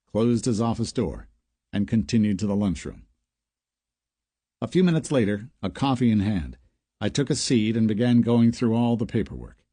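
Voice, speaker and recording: A man narrating a crime audiobook in first person, steady and measured. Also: fairly low pitch, husky, no room sound.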